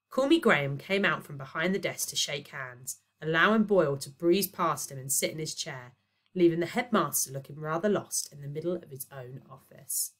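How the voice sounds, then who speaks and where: Low-voiced teacher reading aloud. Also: female voice, moderate pace. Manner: expressive storytelling. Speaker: primary teacher. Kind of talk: reading a children's novel aloud.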